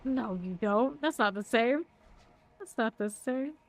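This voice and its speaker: Slow, gravelly-voiced woman streamer. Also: on the high side, animated. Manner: chatty, reacts to chat with quick asides and laughs. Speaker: game streamer. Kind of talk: casual chat while playing.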